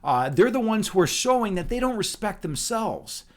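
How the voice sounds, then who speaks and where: A man's voice: high voice, sing-song, normal speed. A man from Chicago hosting a casual livestream chat, rambling and laid-back, repeating words and saying "dude" and "man" a lot. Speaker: livestream host.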